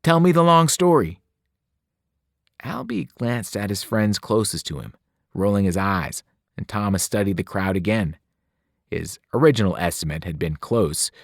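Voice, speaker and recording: A man, a teacher, reading a novel aloud with expressive narration. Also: low-pitched, moderate pace, gravelly, no room sound, studio quality. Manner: expressive, voices the characters. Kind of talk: audiobook narration.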